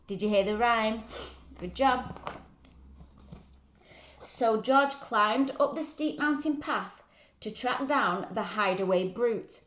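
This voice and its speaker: Woman reading a children's story, gentle and encouraging, echoey room. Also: on the high side, takes it slowly, long pauses. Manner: gentle, encouraging questions to listeners. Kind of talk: reading a picture book aloud to children. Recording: roomy echo.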